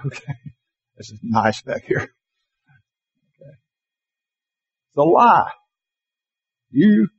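A man teaching a Bible class, reading verses slowly and with emphasis and putting questions to his listeners. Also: mid-range voice, dull audio, slight background noise. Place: classroom or church hall with slides.

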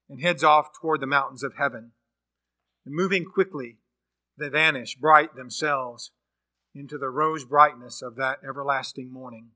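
A man's voice: on the high side, bright, forceful tone. A man preaching a sermon, telling a story and acting out its dialogue. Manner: storytelling, acts out quoted dialogue.

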